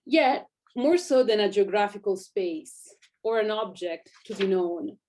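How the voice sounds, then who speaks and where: A woman with an Italian accent delivers a prepared academic conference talk. Her pitch sits in an ordinary middle range, and she keeps a measured, scripted reading pace throughout. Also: animated, darkish tone, a little hiss or hum. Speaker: academic researcher.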